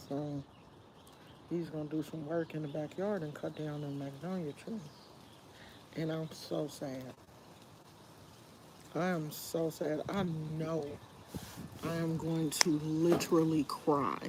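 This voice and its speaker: A woman talks to her livestream viewers from her backyard, wistful and rambling, taking her time over every thought. Her unhurried voice comes through a handheld phone held outdoors, with a faint wash of open-air noise behind her. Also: low-pitched, a little mellow, poor audio. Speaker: livestream host. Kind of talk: casual live chat.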